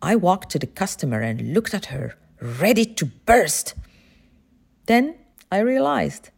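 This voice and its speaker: A woman, a former pharmacist, giving a motivational talk with expressive, emphatic storytelling. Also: lowish voice, unhurried, gravelly, husky.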